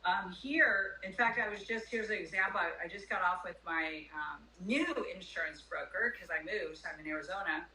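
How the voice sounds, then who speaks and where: Older lady ex wrestler, lively storyteller, bright voice, echoey room away from the mic. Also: fairly low pitch, normal speed, few pauses. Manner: animated storyteller. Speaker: guest, former pro wrestler. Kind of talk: casual chat. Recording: echoey room, distant mic, faint noise.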